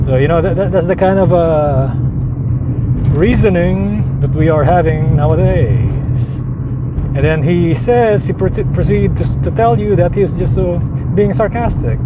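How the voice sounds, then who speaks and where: A man's voice: high voice, a little slow, heavy background noise. A man ranting angrily in a vlog monologue, swearing and repeating himself. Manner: angry, profane, repetitive. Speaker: vlogger.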